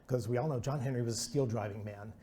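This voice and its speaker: A man's voice: medium pitch, quick pace, warm tone, slightly rough. A man giving a casual artist talk, rambling and self-deprecating, full of restarts and asides. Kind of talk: presentation talk with anecdotes.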